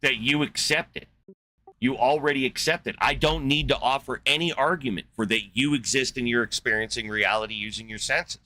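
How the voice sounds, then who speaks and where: Guy hosting a debate stream, sharp forceful voice, combative and swearing a lot. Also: mid-range voice, a little fast. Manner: combative, insulting and profane. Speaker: debate show host. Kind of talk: heated live call-in debate.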